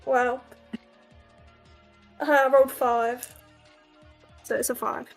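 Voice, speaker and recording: A woman plays in a tabletop game, reading off her dice rolls and chatting with quick, excited reactions. Her voice sits high, and faint music plays in the background. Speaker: player. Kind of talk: casual game chat.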